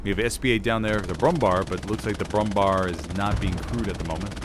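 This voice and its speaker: A man doing live play-by-play commentary on a competitive shooter match, lively and prone to sudden exclamations. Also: lowish voice, quick pace, heavy background noise. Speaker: competitive game caster. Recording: game gunfire and artillery clearly heard behind. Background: game gunfire and explosions.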